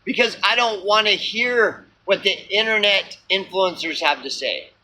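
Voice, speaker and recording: A man's voice: high voice, a little slow, pushed and bright, rough recording. A man ranting into his camera for his small channel, unscripted and profane, full of fillers, restarts and repeated words. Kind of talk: rambling unscripted rant to camera.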